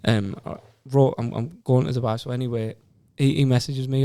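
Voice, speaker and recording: A man's voice: medium pitch, fairly even intonation, a little fast, dark tone, smooth, no echo. A man in his twenties with a Teesside accent, a podcast guest telling his story casually and earnestly, often repeating words as he goes. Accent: Teesside English. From Stockton-on-Tees, England. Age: 20s.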